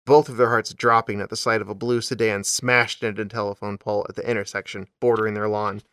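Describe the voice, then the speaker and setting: A man's voice: fairly low pitch, little pitch movement, fast talker, fairly bright tone, smooth, no echo. A man hosting a comedy podcast, reading a story with dramatic emphasis and stopping to joke.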